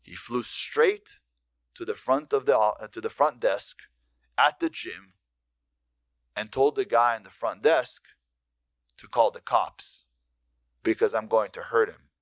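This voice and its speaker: A man's voice: mid-range voice, takes it slowly, long pauses, fairly bright tone, dry recording. Boastful man telling tough-guy stories. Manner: tough-guy bravado, acts out quotes. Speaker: podcast guest telling stories. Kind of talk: boastful storytelling.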